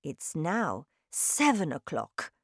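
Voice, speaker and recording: A woman voicing a kind, protective elderly grandmother, speaking slowly and gently. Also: low-pitched, huge pitch swings, no echo, studio quality, exaggerated voice. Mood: gentle.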